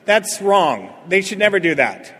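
A middle-aged man telling a funny story at a recovery meeting, full of jokes and lively. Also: high-pitched, a little slow, husky. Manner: joking, animated storyteller. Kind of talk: humorous recovery talk to a live audience. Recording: echoey hall with faint crowd laughter.

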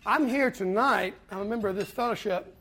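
A man giving a personal recovery talk to a fellowship meeting, telling his story earnestly with pauses and repeated words. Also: sits high, bright, forceful tone, husky. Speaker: speaker at a twelve-step fellowship meeting.

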